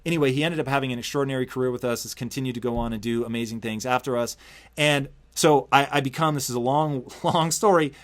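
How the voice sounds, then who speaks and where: A man hosting an interview, telling a long story in a casual, energetic way and swearing freely. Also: medium pitch, fast talker. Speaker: podcast host.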